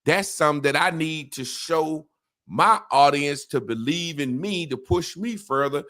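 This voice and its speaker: A man hosting a casual talk show, telling rambling profane stories with animated impressions. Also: fairly high pitch, a little slow, no room sound, studio quality. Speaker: podcast host. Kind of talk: casual chat.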